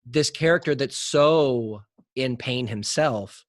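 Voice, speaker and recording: A man's voice: medium pitch, takes it slowly, no room sound, studio quality. A young adult man hosting a podcast, earnestly retelling movie scenes in a casual conversational way. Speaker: podcast host.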